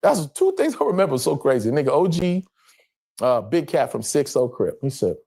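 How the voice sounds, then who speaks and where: A middle-aged man from Los Angeles, a guest actor, telling animated stories on a panel show and slipping into other people's lines. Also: medium pitch, moderate pace, vocal fry.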